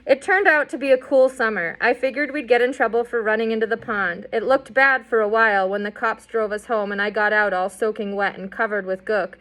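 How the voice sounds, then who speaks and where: Female reader, relaxed novel read-aloud with chatty asides, slightly high pitch. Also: fairly quick, few pauses. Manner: conversational, adds asides and fillers. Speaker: audiobook reader. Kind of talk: casual reading of a novel aloud.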